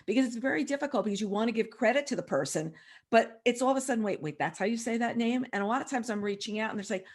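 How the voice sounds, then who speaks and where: A woman's voice: a little high, expressive, a little mellow. A woman moderating a book festival panel, chatty and correcting herself as she goes. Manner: chatty, quick self-corrections. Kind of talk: hosted panel discussion.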